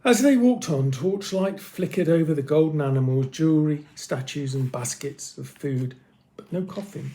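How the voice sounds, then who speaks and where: Man reading a children's story, mellow dark tone, slightly high, expressive, dramatic pauses. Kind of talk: children's story read-aloud.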